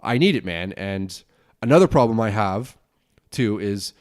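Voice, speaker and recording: A young man hosting a casual solo podcast, rambling quickly with lots of restarts and swearing. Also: lowish voice, expressive, darkish tone, no room sound, clean studio sound. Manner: fast rambling talk, frequent swearing and restarts. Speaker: podcast host and broadcasting student.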